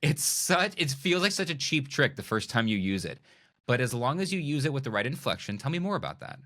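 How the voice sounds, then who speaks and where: A middle-aged man, a magician and speaker, talking as a podcast guest in a playful, animated way that acts out little scenes of dialogue. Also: medium pitch, a little fast. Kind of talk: animated conversational interview.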